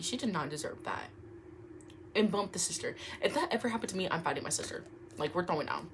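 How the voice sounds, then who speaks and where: Lively young woman reading stories aloud. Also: on the low side, quick pace, a little hiss or hum. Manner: animated, laughing asides, trips over words. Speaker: YouTuber reading online stories. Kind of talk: casual story reading with reactions. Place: room at home.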